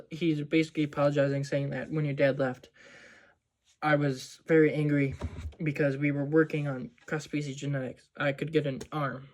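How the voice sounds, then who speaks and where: A man's voice: fairly high pitch, a little mellow. A man casually recapping a movie scene by scene, rambling with lots of "like" and "um". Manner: rambling, full of "like" and "um". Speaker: movie vlogger.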